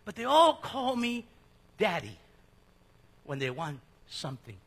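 A middle-aged man preaching a sermon as pastor in a church, talking in a casual, joking way with sudden drops to a hush. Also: sits high, wildly swooping pitch, a little slow, creaky, breathy edge. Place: church sanctuary. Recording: long hall reverb.

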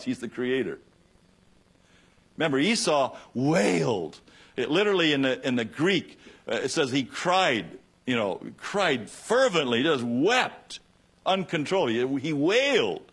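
A male pastor preaching a radio sermon with passion, swinging between loud emphatic bursts and hushed lines. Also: mid-range voice, sing-song, normal speed, husky.

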